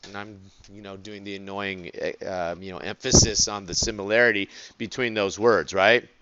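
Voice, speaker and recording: A man teaching an accounting class, constantly asking the students rhetorical questions in an animated classroom lecture. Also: on the low side, normal speed, smooth, dry recording, muffled recording.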